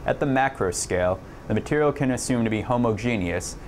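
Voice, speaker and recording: A man's voice: medium pitch, expressive, brisk, a little hiss or hum. A man narrating an online lab lecture, explaining steadily with occasional slips and fillers.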